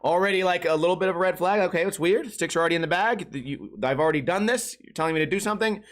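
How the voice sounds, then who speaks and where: Podcast guy with a kinda high voice, casual storytelling, animated and incredulous. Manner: animated, incredulous, quick restarts. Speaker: podcast host.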